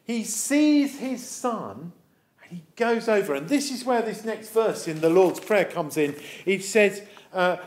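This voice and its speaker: Lively English vicar telling a story. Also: male voice, sits high, unhurried. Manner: animated storytelling, acts out the characters. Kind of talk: children's talk sermon.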